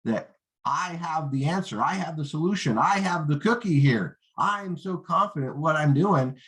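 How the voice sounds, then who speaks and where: In a confident coaching lesson on network marketing, a man with an expressive, slightly bright voice speaks at normal speed. He often asks "right?" and "okay?" and imitates rookies and prospects in a higher voice.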